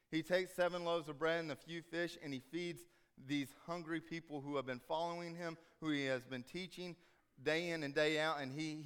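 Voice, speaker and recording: A man preaching a conversational sermon, telling stories and acting out dialogue in an animated way. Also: on the high side, clean tone. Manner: conversational, animated storytelling, acts out quoted dialogue.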